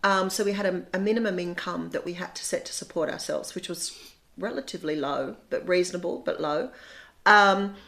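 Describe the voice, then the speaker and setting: Chatty Australian woman, low voice. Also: fairly quick, creaky, hardly any pauses, fairly bright tone. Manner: chatty, repeats words when restarting. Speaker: guest, bed and breakfast owner. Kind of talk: casual chat.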